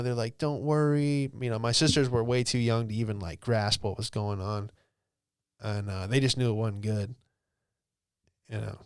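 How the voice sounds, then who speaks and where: Guy in his late 20s telling a story on his podcast, super casual, swears a lot, says dude constantly, smooth voice. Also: medium pitch, no room sound, studio quality. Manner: laid-back, swears freely, peppered with "dude" and "like". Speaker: podcast host.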